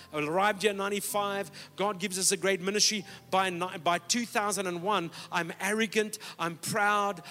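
High bright-voiced preacher guy, middle-aged, booming then hushed, church echo. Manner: emphatic, rising to loud exhortation then dropping low. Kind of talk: sermon. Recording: long hall reverb.

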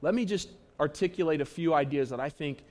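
A man preaching a sermon to his church, earnest and repetitive, swinging between emphatic and hushed delivery. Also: on the high side, fairly quick. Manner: earnest, repetitive, stresses key phrases, shifts between loud and hushed. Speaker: pastor. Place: church auditorium.

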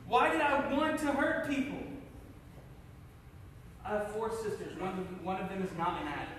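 Man from Cincinnati, personal testimony, intense storyteller, loud then hushed; lots of reverb in a large hall. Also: high voice, moderate pace, a little hiss or hum. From Cincinnati, USA. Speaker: speaker sharing his testimony. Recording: echoey hall, mic from far off.

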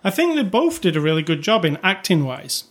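A man's voice: high-pitched, big pitch swings, fairly quick. A man co-hosting a casual movie review chat, rambling and conversational with lots of fillers. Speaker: podcast co-host.

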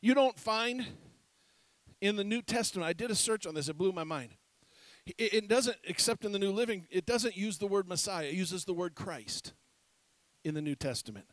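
A man preaching a sermon as pastor, animated, swinging between loud and hushed passages. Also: high voice, moderate pace, no room sound.

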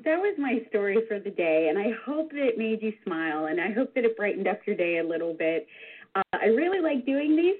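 A woman in her forties, a regular contributor, telling a funny personal story in an animated, self-deprecating way. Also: fairly high pitch, slightly rough. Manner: animated, self-deprecating, with vivid sound words. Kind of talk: personal anecdote told to listeners. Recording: tinny phone-line sound.

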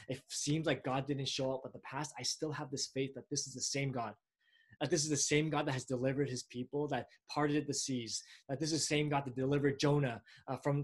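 A man preaching a sermon in a conversational way, often pausing and restarting. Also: medium pitch. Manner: conversational, with frequent fillers and restarts.

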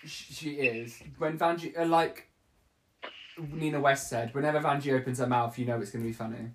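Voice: mid-range voice, fairly even intonation, moderate pace, slight background noise. A podcast host rambling through a casual chat and laughing often.

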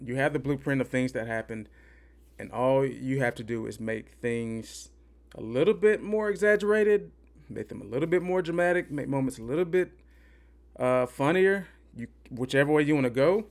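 A man's voice: on the high side, darkish tone. A man hosting a podcast, giving an opinionated, rambling movie review and repeating himself for emphasis. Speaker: podcast host. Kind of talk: casual movie review rant.

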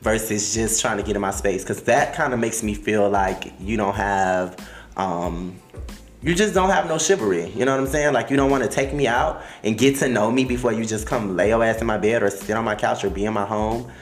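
A man with a Miami accent hosting a casual chat, blunt, profane and animated, laughing often. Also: lowish voice, brisk, echoey room, soft background music. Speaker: podcast host.

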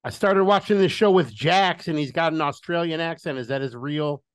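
A man's voice: on the high side, normal speed, clear, resonant tone, dry recording, studio quality. A man hosting a podcast in casual chat, frank and opinionated with a wry edge. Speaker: podcast host.

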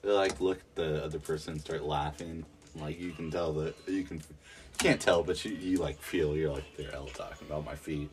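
A man's voice: rumbling low, fairly even intonation, fairly quick, darkish tone. A young man co-hosting a podcast, chatting casually with lots of "like" fillers. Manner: rambling, full of "like" fillers. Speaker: podcast co-host. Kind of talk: casual chat.

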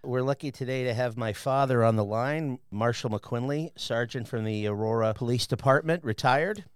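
A man co-hosting a radio show, giving a steady, formal introduction of a guest with small fillers. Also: medium pitch, normal speed, smooth, dry recording, studio quality. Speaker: radio co-host.

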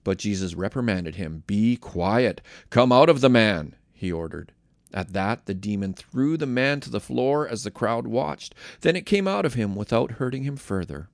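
A man reading scripture aloud in a measured, expressive way, then giving a casual devotional comment on a close mic. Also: fairly low pitch, vocal fry, no echo. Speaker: Bible reader and podcast host.

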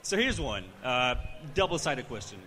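A man's voice: mid-range voice, sing-song, normal speed, pushed and bright, a little hiss or hum. Jovial man asking from the audience. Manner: jovial, rambling. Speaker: audience member asking a question. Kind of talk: live audience question. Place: bar, live audience.

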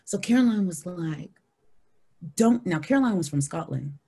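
A woman in her thirties, a podcast guest telling a story in an animated way, acting out the people she quotes. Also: a little fast, breathy edge. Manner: animated, acts out quoted people in high voices.

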